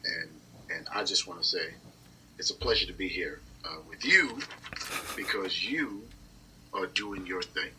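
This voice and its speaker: A man's voice: low-pitched, unhurried, pauses often. A middle-aged man from Brooklyn, a guest on a podcast, courteous and gracious. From Brooklyn, New York. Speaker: podcast guest, training firm CEO. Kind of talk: casual podcast chat. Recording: distant mic with faint room noise.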